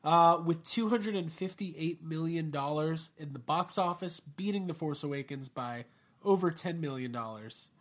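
A man hosts a casual podcast conversation with friends. He jokes around, laughs at his own lines and keeps an animated delivery. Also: on the high side, normal speed. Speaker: podcast host. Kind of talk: casual chat.

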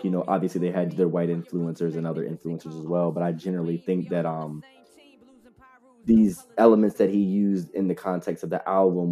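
A man speaks in a very deep, very dark and mellow voice, weighing his points carefully. He talks in a measured, analytical way, pausing on fillers. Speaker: podcast panelist. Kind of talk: casual album discussion.

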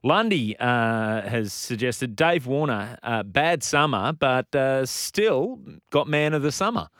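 A man co-hosting a radio show, joking and putting on quick voices. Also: mid-range voice, big pitch swings, a bit bright, dry recording, studio quality. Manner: jokey, puts on quick voices. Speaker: radio host. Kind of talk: casual radio banter.

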